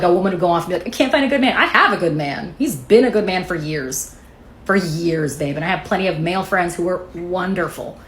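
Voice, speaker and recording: A woman's voice: fairly low pitch, a little hiss or hum. A woman talking to camera in an assertive, dismissive way. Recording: roomy echo.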